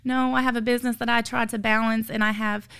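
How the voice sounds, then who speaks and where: A woman's voice: a little high, flat delivery, fast, a bit bright, smooth. A woman, a tired foster mother sharing her story as an earnest, emotional testimony of faith that rises to emphatic peaks. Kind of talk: heartfelt testimony.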